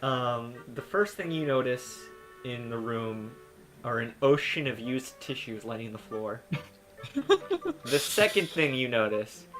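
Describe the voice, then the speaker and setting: A man narrating a tabletop game as game master, relaxed and halting with fillers. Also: medium pitch, soft background music.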